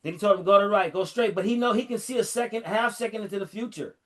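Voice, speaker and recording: A middle-aged man in casual chat, animatedly retelling a story and acting out the lines in a lower voice. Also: fast talker. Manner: animated storyteller, fillers and restarts, acts out quotes in a lower voice.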